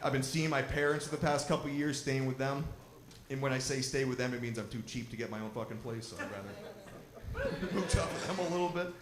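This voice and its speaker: A young man doing a stand-up comedy set, telling a profane, animated story at a live show in a lodge. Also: mid-range voice, fairly quick. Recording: roomy live recording with crowd noise.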